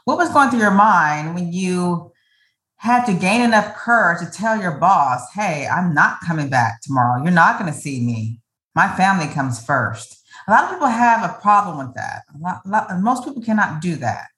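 A woman hosts a podcast interview, her pitch moving freely up and down. She builds long, encouraging questions. The sound carries noticeable echo from the room. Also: very animated, normal speed, fairly bright tone. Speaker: podcast host. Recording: echoey room.

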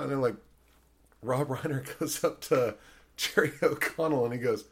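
A man's voice: mid-range voice, moderate pace. A man hosting a podcast in casual chat, rambling with lots of fillers and frequent swearing. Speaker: podcast host.

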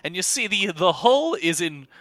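Game master with a bright, dry voice. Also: male voice, sits high, very animated, no room sound. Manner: halting, many fillers. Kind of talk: narrating a tabletop game.

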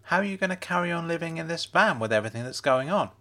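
Male narrator doing a higher, brisk young woman for a storybook: blunt, probing, kind underneath. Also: animated, bright, forceful tone. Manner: brisk, probing, matter-of-fact.

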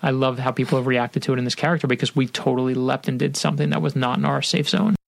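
A middle-aged man, an author guest, telling a story in an animated, earnest and motivational way. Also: mid-range voice, fast, creaky, slight background noise. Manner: animated, acts out quotes in the story. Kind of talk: conversational storytelling.

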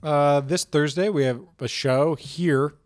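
A man's voice: fairly high pitch, takes it slowly, no room sound, clean studio sound. A man co-hosting a comedy podcast, playfully prodding his partner with questions. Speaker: podcast co-host. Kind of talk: casual comedic podcast banter.

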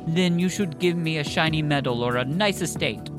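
A reader voicing a sharp-tongued, proud young woman soldier in a novel read aloud. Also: medium pitch, normal speed, over music, natural voice. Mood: curt.

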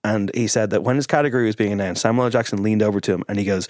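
A young adult man with a fairly low voice, recorded close and dry, chats as a guest on a podcast. He tells stories with animation and openly admits to getting emotional. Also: racing, few pauses, darkish tone, no room sound. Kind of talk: casual podcast chat.

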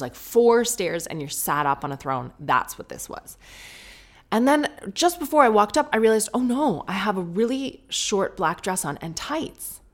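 A British woman hosting a solo podcast, telling a story in an animated, self-mocking, comic way. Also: on the low side. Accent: British English. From Britain. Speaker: podcast host.

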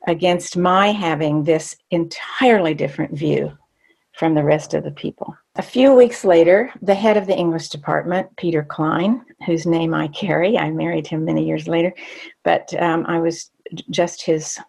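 An older woman recounting a memory from her own life, her voice low and touched with a gravelly fry. She talks candidly and reflectively, pausing and restarting as she recalls. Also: a little mellow. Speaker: storyteller. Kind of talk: personal storytelling.

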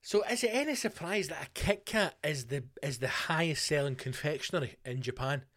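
Scottish guy ranting on his podcast, swears a lot, kinda high voice. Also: fairly quick, fairly bright tone. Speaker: podcast host. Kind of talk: casual solo podcast rant.

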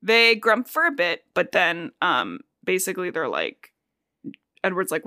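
A woman co-hosting a casual podcast, recapping a novel in a chatty way and quickly putting on the characters' lines. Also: lowish voice, wildly swooping pitch, pushed and bright, no echo, clean studio sound. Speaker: podcast co-host. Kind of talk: casual book discussion.

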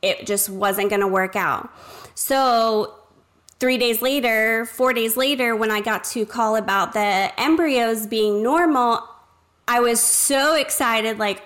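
Brief: expressive woman, fairly high pitch, quick conversational storytelling. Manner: quick, expressive, acts out quoted dialogue. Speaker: surrogate telling her story.

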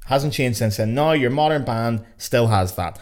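Expressive and a little mellow, this man's medium-pitched voice runs at normal speed. He's the young host of a casual educational podcast, from Northern Ireland with a Belfast accent, chatting, joking and swearing freely into a podcast mic.

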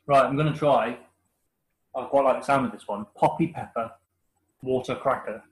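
A man's voice: mid-range voice, steady tone, normal speed, low-quality recording. A man with a West Country English accent, co-hosting a casual podcast chat, teasing and laughing often. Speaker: podcast co-host.

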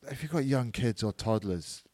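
A man's voice: mid-range voice, animated, moderate pace, dark tone, dry recording. A man, chatting on a podcast, teasing and grumbling. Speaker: podcast co-host. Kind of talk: casual chat.

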